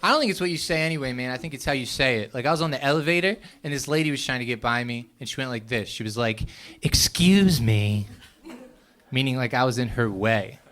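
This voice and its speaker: A young man doing a stand-up set in a comedy club, telling stories with animated voices and sudden loud outbursts. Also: medium pitch, fast talker, few pauses.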